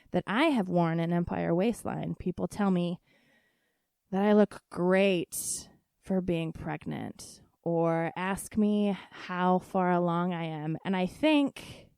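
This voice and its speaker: A woman's voice: mid-range voice, a little mellow, clean tone, no echo, clean studio sound. Frank, laughing woman podcast host. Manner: frank, profane, laughing often. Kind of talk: casual solo podcast chat.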